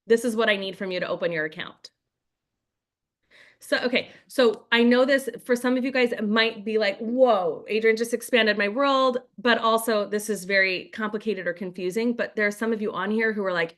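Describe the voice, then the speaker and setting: A woman's voice: fairly high pitch, moderate pace, a bit bright. A woman leading a group video call as a network marketing trainer, chatty, with frequent "like" and "right?". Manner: chatty, acts out sample scripts in quotes.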